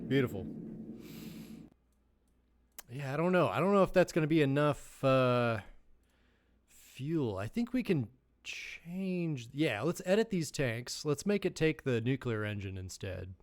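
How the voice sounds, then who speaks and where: Slow-talking man streaming a game. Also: medium pitch, sing-song. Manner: thinks aloud, chats with viewers, bursts into loud mock shouting. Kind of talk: casual live-stream gameplay commentary.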